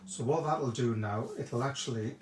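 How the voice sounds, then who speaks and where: A man's voice: mid-range voice, normal speed, a little mellow. A chatty man hosts a live craft demonstration, greeting viewers by name as he walks through each step. His voice rings around a roomy, echoey indoor space. Faint background noise sits underneath. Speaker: craft shop host demonstrating a technique.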